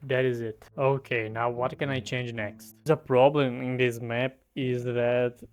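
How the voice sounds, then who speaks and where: A Brazilian man with Portuguese as his first language, giving mock-pompous, crude comedic commentary in a deadpan boasting manner. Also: mid-range voice, measured pace, smooth. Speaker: comedy video creator. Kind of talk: comedic commentary while editing a map.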